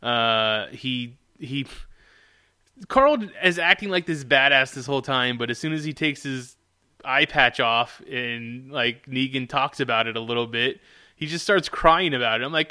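A man co-hosting a podcast in casual chat, talking in an animated, ranting way and swearing freely. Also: medium pitch, unhurried, smooth. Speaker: podcast co-host.

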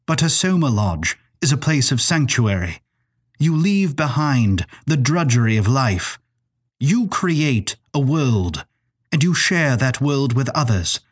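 A man's voice: medium pitch, breathy edge. Man doing a genteel, courteous keeper.

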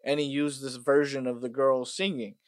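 A man hosting a podcast, ranting casually and profanely, dropping to mutters and then bursting out loud. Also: medium pitch, level tone, moderate pace, dry recording, clean studio sound. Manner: profane, swings between mutters and loud outbursts. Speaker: podcast host. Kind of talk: casual rant monologue.

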